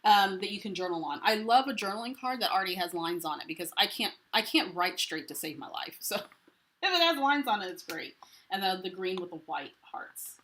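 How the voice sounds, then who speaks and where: A woman's voice: mid-range voice, lively intonation, a little fast, fairly bright tone, slight background noise. A woman hosting a live craft unboxing. She talks in a chatty, enthusiastic way and greets viewers by name. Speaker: craft livestream host.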